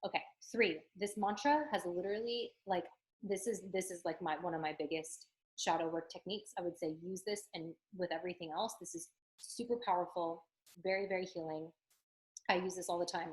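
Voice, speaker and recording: A woman coaching her listeners in a relaxed, chatty teaching monologue. Her voice sits in a middle pitch, and she sounds earnest and encouraging. Her talk is loose and is filled with "like" and "um". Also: poor audio. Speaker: spiritual coach.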